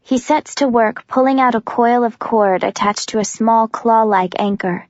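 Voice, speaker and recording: A woman narrates a first-person audiobook in an urgent, close telling. Her voice sits fairly high, and the recording is dry and a little dull. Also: normal speed, hardly any pauses, darkish tone, no echo.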